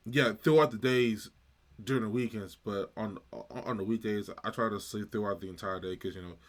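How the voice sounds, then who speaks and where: A man hosting a reaction video, chatting loosely about his own habits with halting restarts. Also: lowish voice. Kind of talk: casual reaction commentary.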